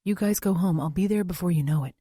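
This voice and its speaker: A woman's voice: on the low side, fast talker, warm tone, slightly rough, no room sound, clean studio sound. A woman voicing a frustrated, defiant young father who speaks in short, clipped lines. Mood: tense, frustrated.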